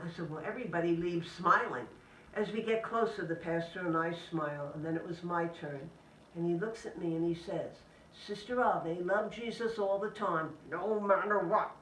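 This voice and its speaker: A woman, a Catholic sister, giving an inspirational talk to a live audience in gentle, measured phrases. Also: low voice, slight background noise. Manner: gentle, measured delivery in short list-like phrases. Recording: echoey room, speaker distant from the mic.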